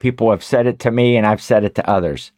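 A man co-hosting a podcast, talking casually in a rambling, animated way with many restarts. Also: on the low side, quick pace, no echo, studio quality. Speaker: podcast co-host. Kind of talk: casual chat.

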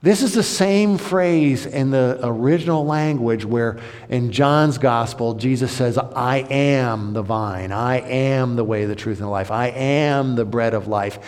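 A male pastor preaching a sermon, dramatic, swinging between loud, high outbursts and hushed, low passages. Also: a little slow. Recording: long hall reverb.

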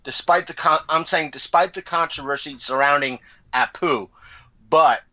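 Bright-voiced man chatting on a podcast. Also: fairly high pitch, moderate pace, lo-fi sound. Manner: animated, acts out quoted lines. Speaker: podcast co-host. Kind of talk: casual chat.

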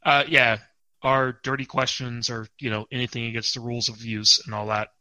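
A man with a bright, forward voice hosts a podcast and chats casually. He is quick to poke fun at himself, and his close mic gives a dry sound with no room echo. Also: mid-range voice, flat delivery. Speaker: podcast host.

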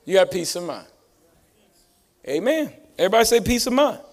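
Man, lively pastor preaching, high-pitched, rising emphasis for the congregation. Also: fairly quick. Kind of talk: sermon. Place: church sanctuary.

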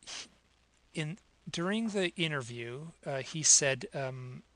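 A man's voice: a little high, expressive, slow, fairly bright tone. A man hosting an interview, talking hesitantly with many fillers. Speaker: podcast host. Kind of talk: interview conversation.

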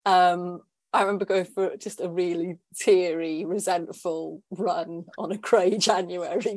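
A woman in her thirties talks as a podcast guest, candid and chatty, with plenty of fillers. Her voice sits low. The sound is close and dry, with no room around it. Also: steady tone, measured pace, a little mellow, dry recording. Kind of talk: casual interview chat.

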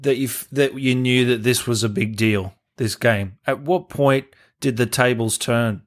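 A man's voice: medium pitch, measured pace. A man hosting a casual interview and asking his guest short, curious follow-up questions. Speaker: podcast host.

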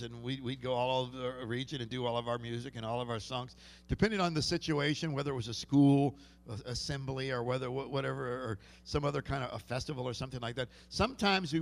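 A man preaching a sermon in a church, telling folksy stories and often restarting his sentences. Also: medium pitch. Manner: folksy storytelling with many restarts. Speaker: pastor. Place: church sanctuary. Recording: long hall reverb.

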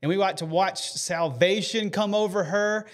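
Earnest man, higher voice. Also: normal speed. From United States. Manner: earnest, emotional, many fillers and restarts. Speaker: podcast host. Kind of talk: heartfelt faith podcast storytelling.

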